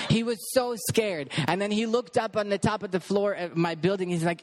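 Male storyteller, fairly high pitch, lively retelling of a faith encounter, plays the other parts himself. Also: moderate pace, hardly any pauses. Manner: animated storyteller acting out dialogue. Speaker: ministry worker. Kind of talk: storytelling testimony.

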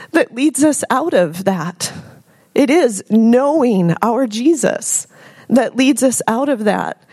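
Woman telling her testimony at church, slow and heartfelt, little laughs here and there. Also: on the high side, husky. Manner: heartfelt, earnest, with frequent soft laughs. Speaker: congregation member sharing a testimony. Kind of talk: spoken testimony.

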